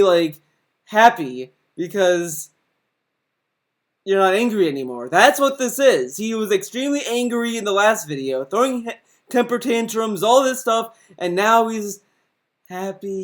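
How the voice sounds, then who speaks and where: A man's voice: sits high, normal speed. A man giving reaction commentary in a sarcastic, profane, mocking manner.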